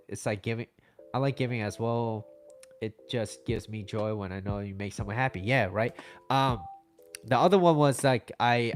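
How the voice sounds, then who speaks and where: A chatty young man with a medium-pitched voice hosts a casual livestream. He rambles as he talks and reads out comments from viewers.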